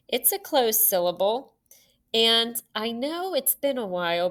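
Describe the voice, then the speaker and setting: A woman's voice: mid-range voice, sharp tone. A young woman teaching a recorded phonics lesson for children, patient and encouraging, sounding out words and letters.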